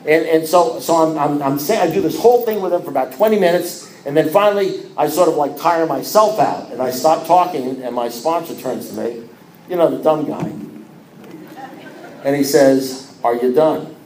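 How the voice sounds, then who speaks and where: A man shares his recovery story in a lively, self-mocking way, stumbling and restarting his sentences as he goes. His voice sits a little high for a man. The room around him rings with echo. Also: normal speed. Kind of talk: personal testimony to a group.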